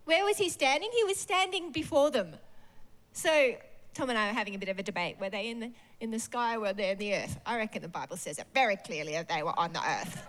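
A woman's voice: medium pitch, fast talker, fairly bright tone. A woman preacher giving a sermon in a church service. She talks expressively and animatedly and often laughs.

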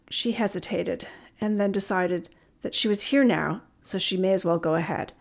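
A woman narrates a chapter of a story in a steady, expressive reading voice. Her pitch sits in the middle range, with a noticeable gravelly fry at the ends of phrases. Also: normal speed, hardly any pauses. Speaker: audiobook narrator.

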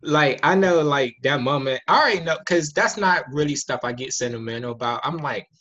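A man's voice: on the high side, fairly quick, bright, forceful tone. Man with a muffled lo-fi voice. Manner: candid, rambling, slangy. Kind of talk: casual chat.

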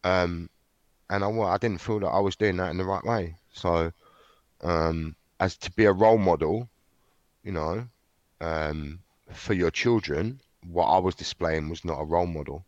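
A man telling his story frankly in an interview, halting often with fillers and restarts. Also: low voice, no echo, lo-fi sound. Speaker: interview guest. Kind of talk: candid conversational storytelling.

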